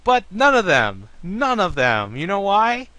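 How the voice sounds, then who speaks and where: Guy ranting about football fans, bright tense voice, kinda high, swears a lot. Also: measured pace, dry recording. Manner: ranting, profane, animated. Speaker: podcast host. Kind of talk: casual sports talk.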